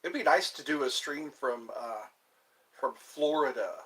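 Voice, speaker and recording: Slow rambling man livestreaming alone. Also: medium pitch, fairly bright tone. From US East Coast. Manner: slow, meandering, talks to himself, laughs. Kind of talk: rambling solo livestream chat.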